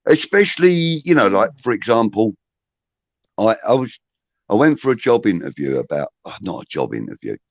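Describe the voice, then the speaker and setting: A man's voice: on the low side, moderate pace, no room sound, dull audio. A man telling a story in casual chat, swearing and acting out the dialogue. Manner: animated, swearing, acts out quoted dialogue.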